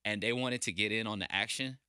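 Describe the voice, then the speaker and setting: Young american dude on radio, loose laughy banter, very bright voice, dry close mic. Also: male voice, lowish voice, fast talker, clear, resonant tone, no room sound. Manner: animated, laughing, trailing off and restarting. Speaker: radio show regular answering listener questions. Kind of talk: casual studio banter. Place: radio studio. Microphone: studio mic.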